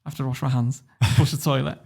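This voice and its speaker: A quick-talking man from northern England with a gravelly, creaky voice. He tells a story as a podcast guest, loose and animated, swearing freely as he goes. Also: medium pitch. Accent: northern English. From Warrington, England. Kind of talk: casual interview storytelling.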